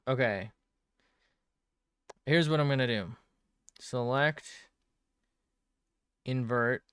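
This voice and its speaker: In a clean studio recording with a clean tone and no echo, a medium-pitched man streams himself drawing. He mutters casual commentary to himself, swears often and makes jokes at his own expense.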